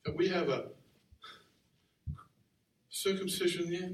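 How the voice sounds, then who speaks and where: Male preacher, chatty and animated, higher-pitched voice, roomy distant recording. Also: normal speed. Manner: animated, conversational, acts out quotes. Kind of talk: sermon. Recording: roomy sound from far off the mic.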